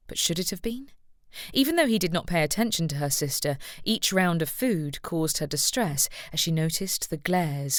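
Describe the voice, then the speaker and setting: Woman narrator for an audiobook: measured and even, low, dry. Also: no echo. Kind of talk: scripted narration.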